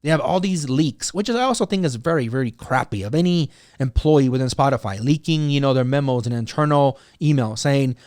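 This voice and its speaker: A man's voice: medium pitch, animated, fairly quick, hardly any pauses, darkish tone, dry recording, clean studio sound. A man hosting his own podcast, talking through his opinions in casual solo commentary, rambling, with many "you know"s and "right?"s. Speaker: podcast host.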